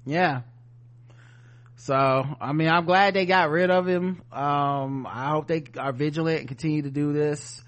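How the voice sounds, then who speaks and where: Profane, sardonic male podcast co-host, pitched a little high. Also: steady tone, unhurried. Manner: profane, sardonic, reads headlines then riffs. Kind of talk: casual news-commentary chat.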